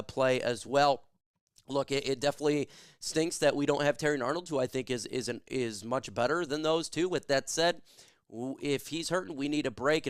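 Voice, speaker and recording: Upbeat sports stream host, smooth voice. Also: male voice, fairly high pitch, no room sound, studio quality. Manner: energetic, reads viewer comments rapid-fire, shouts catchphrases. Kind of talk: live stream sports talk reading chat.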